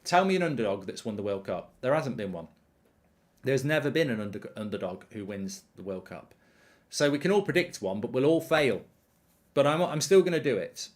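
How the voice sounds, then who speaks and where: A man's voice: mid-range voice, lively intonation, a little fast. Brief: male host chatting through a live match watchalong, loose and rambling. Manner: chatty, rambling, lots of ums. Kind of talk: live football watchalong commentary.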